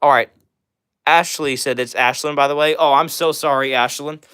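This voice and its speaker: A young man from Missouri hosting a livestream, rapidly reading and answering viewer comments with lots of fillers. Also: fairly high pitch, steady tone, bright, forceful tone, clear, resonant tone. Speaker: livestream host. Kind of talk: fast live chat reading.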